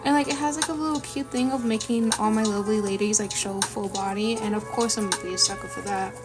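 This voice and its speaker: Sniffly from a runny nose, this woman rambles casually to her viewers while drawing on stream over lofi music. She talks fast in a medium-pitched, steady voice, full of chatter and little self-deprecating remarks.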